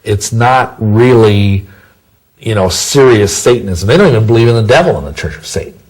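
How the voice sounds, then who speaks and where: A man's voice: fairly low pitch, lively intonation, normal speed, darkish tone, low-quality recording. A man answering interview questions in a rambling, self-correcting way, full of folksy sayings. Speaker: interview guest.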